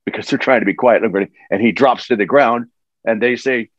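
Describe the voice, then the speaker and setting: An older man telling animated stories as a guest in a casual interview. He laughs as he talks and often restarts his sentences. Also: medium pitch, moderate pace, no echo. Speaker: voice actor guest. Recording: dull dry lo-fi sound.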